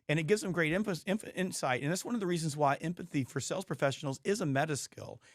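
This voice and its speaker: Hoarse man hosting with emphatic talk. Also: a little high, fast, dry recording, studio quality. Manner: emphatic storytelling with frequent restarts. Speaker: podcast host. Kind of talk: casual interview chat.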